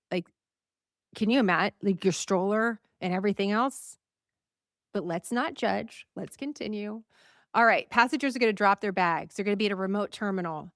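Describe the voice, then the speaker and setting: A woman hosts a news show, chatting casually with a live audience in an animated manner, laughing and asking viewers their opinions. Her voice is medium-pitched and fairly quick, with studio-quality sound and no echo.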